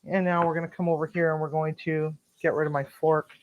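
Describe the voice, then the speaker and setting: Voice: mid-range voice, flat delivery, fast talker, phone-quality sound. A home cook hosting a cooking vlog, telling a story bluntly and animatedly and swearing freely, in a home kitchen. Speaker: home cook and channel host. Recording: noisy home recording.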